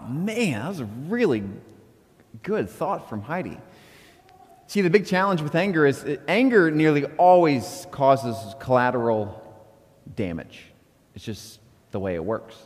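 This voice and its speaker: A middle-aged man, preaching a sermon as a pastor, telling candid, self-deprecating stories with chuckles. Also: mid-range voice. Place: church sanctuary. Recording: long reverb of a church hall.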